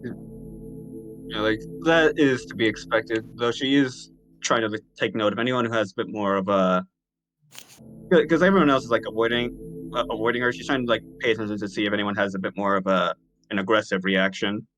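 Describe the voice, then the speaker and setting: Casual low-voiced male player. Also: fairly quick, fairly bright tone, faint music behind, poor audio. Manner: casual, filler-heavy, laughs often. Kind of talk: casual chat in a tabletop game.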